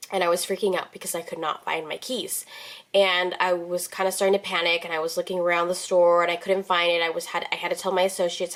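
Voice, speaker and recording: A woman's voice: medium pitch, a bit bright. Young woman vlogger, casual storytime, rambly and emotional, fillers and false starts. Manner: rambling, many fillers and restarts, emotional retelling. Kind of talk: casual storytime chat to camera.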